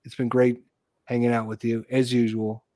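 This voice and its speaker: A man's voice: medium pitch, monotone, normal speed, mellow, no echo. A man hosting a casual live chat show. He rambles, restarts his sentences and loses his train of thought. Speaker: podcast host.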